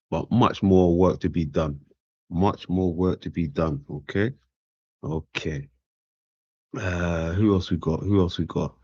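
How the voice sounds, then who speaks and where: A man's voice: low-pitched, darkish tone, no echo. A man talking in a casual, laid-back monologue. He often repeats phrases and keeps asking "right?". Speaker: commentator. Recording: dull lo-fi dry sound.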